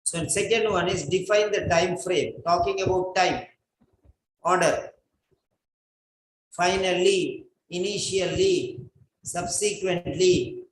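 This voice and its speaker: A man's voice: sits high, takes it slowly, pauses often, a little hiss or hum. A man teaching an English writing class, giving a lecture and drilling instructions by repeating them again and again. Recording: echoey room.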